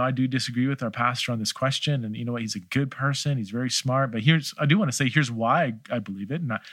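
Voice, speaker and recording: A man's voice: mid-range voice, bright, forceful tone, no echo. A middle-aged man hosting a listener Q&A, talking in a thoughtful, hesitant way with many restarts. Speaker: podcast host answering listener questions. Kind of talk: casual theological Q&A.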